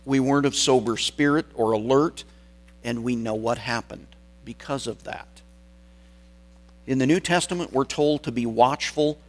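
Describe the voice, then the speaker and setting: A man delivering a sermon at an unhurried, measured pace. He leans on key words and lets dramatic pauses hang between phrases, at an ordinary middle pitch. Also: rough recording. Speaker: preacher.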